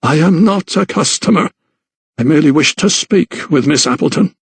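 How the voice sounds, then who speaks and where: A stiff, supercilious little notary who holds himself above his surroundings, played by a male narrator. He speaks in a prim, formal way, a little higher than the narration, recorded dry and close for an audiobook. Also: lively intonation, moderate pace, vocal fry, husky, dry recording, heavily acted.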